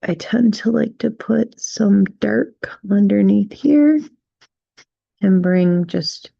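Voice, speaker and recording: A woman teaching a step-by-step drawing tutorial, gently talking through each stroke and checking in with "right?" as she goes. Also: on the low side, creaky, slightly rough, dry recording, lo-fi sound. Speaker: drawing instructor.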